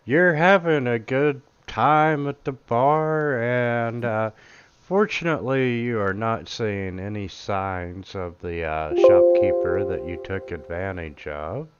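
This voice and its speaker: A man narrating as game master of a tabletop game, halting and full of fillers. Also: fairly low pitch, lo-fi sound, over loud music.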